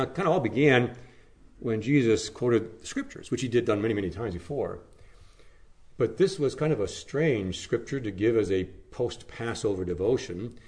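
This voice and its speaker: A man preaches a sermon, telling the story by rising to emphatic phrases and then dropping to hushed, low lines.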